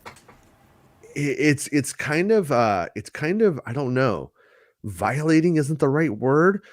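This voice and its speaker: A man's voice: on the high side, very animated, slow pace. A man co-hosting a podcast, talking in a rambling, jokey way and often restarting his sentences. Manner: rambling, self-interrupting, jokey. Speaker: podcast co-host. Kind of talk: casual podcast banter.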